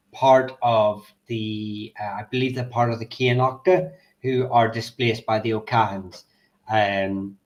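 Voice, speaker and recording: A man's voice: fairly low pitch, dull audio. A man explaining history in a casual chat, hesitant and thinking aloud with many ums. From Northern Ireland. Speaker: history guest.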